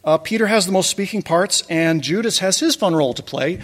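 A man's voice: high-pitched, animated, a little fast, fairly bright tone, big-room sound. A man giving a casual talk over slides, telling wry stories with chuckling asides. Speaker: presenter recounting a church pageant.

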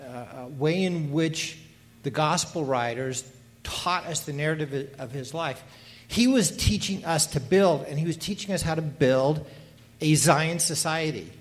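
A man speaks in a fairly high voice for a man, earnestly responding in a panel discussion. His delivery is emphatic and preacherly, building through repeated phrases. He hesitates often, filling pauses and restarting his sentences. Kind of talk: earnest discussion comment on scripture.

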